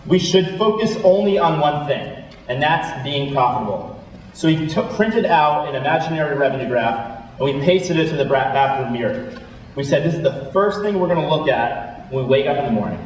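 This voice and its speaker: A young man on stage, telling his founding story with quick, self-deprecating asides. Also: a little high, animated, a little hiss or hum. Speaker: startup founder giving a talk. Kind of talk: storytelling keynote talk. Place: large lecture hall. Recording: very echoey hall, voice from far off.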